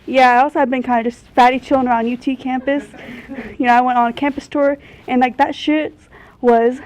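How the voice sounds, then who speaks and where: A woman's voice: sits high, little pitch movement, a little fast, a little mellow, lo-fi sound, lightly acted. A woman playing a spacey, slacker young pop star in a comedy sketch, rambling in a laid-back, slangy drawl. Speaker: celebrity guest parody.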